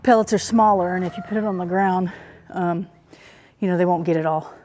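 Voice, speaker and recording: An Oklahoma homesteader vlogger talks casually outdoors on her farm while doing chores, a bit breathless and rambling with lots of fillers. Her voice is on the low side and dark-toned, steady, and fairly quick.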